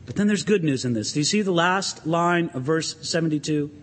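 A pastor preaching an animated sermon in a church, asking the congregation questions and swinging his emphasis up and down. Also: on the high side, a little fast, in a large hall, slight background noise.

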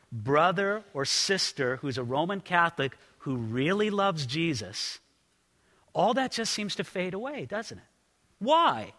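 A man preaches in a church sanctuary, his voice pitched high and bright. He talks earnestly and often trips over his first words. The sound carries a long hall reverb. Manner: earnest, repeats words when starting sentences. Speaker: pastor. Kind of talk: sermon.

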